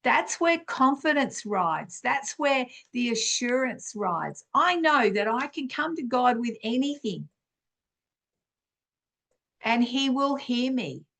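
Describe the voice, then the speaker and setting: A middle-aged woman gives informal spiritual teaching as a podcast host, speaking in an unhurried, conversational way and clearing her throat often. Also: on the high side, big pitch swings, fairly bright tone.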